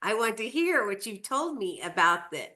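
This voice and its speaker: Bright, eager woman hosting a chat. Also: medium pitch, sing-song, normal speed. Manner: eager, laughs readily, prompts the guest. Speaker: host. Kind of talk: casual interview chat.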